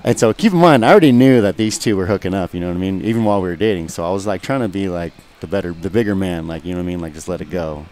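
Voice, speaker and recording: A man's voice: sits low, rapid-fire, few pauses, a little mellow. A young man, a guest fighter, telling a rambling, profane story in casual chat and often asking "you know what I mean".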